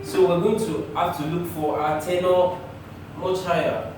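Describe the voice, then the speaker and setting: A man teaching choir harmony, talking through the theory and now and then singing short phrases, sometimes in falsetto. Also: fairly even intonation, unhurried, very echoey, far from the mic, background noise. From Nigeria. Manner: talks through theory, often breaks into sung phrases, chuckles. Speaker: music teacher. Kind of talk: choir harmony lesson with sung examples. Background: piano.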